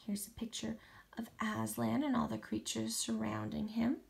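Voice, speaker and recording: A woman teacher reading a novel aloud for distance learning, expressive, with small slips and restarts. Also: a little high, normal speed, gravelly, background noise.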